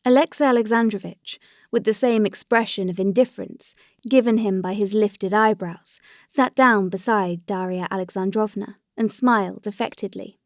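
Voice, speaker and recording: A woman narrating a classic novel in a steady, even storytelling manner. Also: mid-range voice, normal speed, no room sound, studio quality. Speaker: audiobook narrator.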